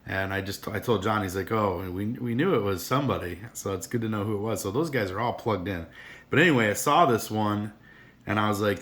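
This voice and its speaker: A man's voice: fairly low pitch, a little fast, fairly bright tone. A middle-aged man chatting casually to camera about his collection, rambling and earnest with many restarts. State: emotional, teary. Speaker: card collector vlogger.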